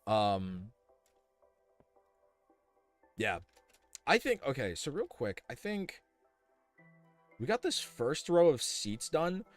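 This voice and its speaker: A man's voice: mid-range voice, very animated, slow, long pauses, no room sound, faint music behind. A young man casually thinking aloud as he streams a building game, rambling with many fillers and restarts. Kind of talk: casual live-stream commentary while building.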